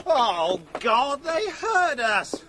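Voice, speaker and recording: A languid cynic. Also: male voice, very high-pitched, sing-song, drawn-out words, noisy background, full character voice. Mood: wry. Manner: languid, dismissive. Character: worldly, cynical gentleman. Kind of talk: radio drama acting.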